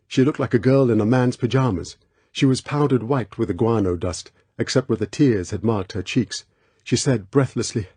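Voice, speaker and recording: A man reading an audiobook aloud as scripted narration in a measured, tense way. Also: on the low side, mellow, husky, dry recording. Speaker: audiobook reader.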